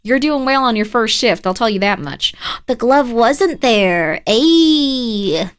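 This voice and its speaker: A woman's voice: on the high side, animated, takes it slowly, clean tone. A woman streaming a game live, chatting playfully, scolding her pet and bantering with her viewers as she plays. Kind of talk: casual live-stream gameplay commentary.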